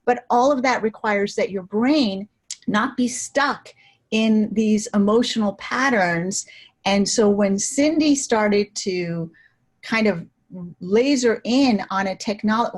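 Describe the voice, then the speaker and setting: A woman's voice: mid-range voice, husky. A woman speaking as an interview guest, talking eagerly with frequent restarts and bursts of laughter. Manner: eager, restarts often, laughs when excited. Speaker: interview guest, wellness practitioner. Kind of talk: enthusiastic interview talk.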